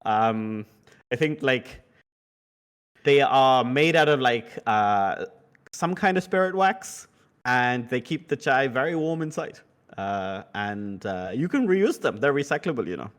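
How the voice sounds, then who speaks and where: A man narrating as game master of a tabletop role-playing game, chatty and relaxed, laughing easily. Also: medium pitch, measured pace.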